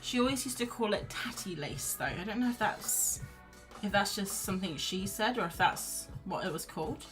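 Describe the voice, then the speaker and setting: A medium-pitched woman with lively intonation talks at a normal speed as she paints during a home live stream. She's an art streamer curled up on the sofa under a blanket, chatty and rambling, reading chat messages aloud and encouraging herself. Soft music plays quietly behind her.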